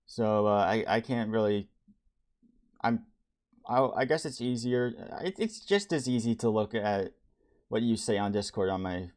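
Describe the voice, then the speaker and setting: A young man streaming as he builds a game level, talking casually in a halting way with many restarts and fillers. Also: fairly low pitch, animated, a little mellow. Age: young adult. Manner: halting, many restarts and ums, reads chat aloud. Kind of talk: casual live-stream talk.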